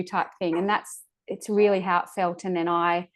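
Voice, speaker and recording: This woman's low, fairly flat voice carries a personal birth story she shares as a guest on a podcast. Her telling is full of pauses and restarts while she gropes for the right words, and emotion brings her near tears at times.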